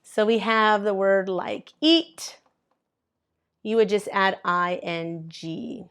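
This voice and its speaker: A woman's voice: medium pitch, slow pace, a bit bright, clear, resonant tone. A woman teaching English grammar to learners, patiently spelling out letters and sounds one by one. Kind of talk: slow classroom grammar explanation.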